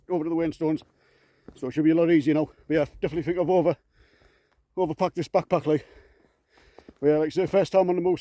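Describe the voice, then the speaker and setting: A man vlogging casually while hiking up moorland outdoors, out of breath and speaking haltingly with lots of fillers. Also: a little high, warm tone, dry recording. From England. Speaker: camping vlogger.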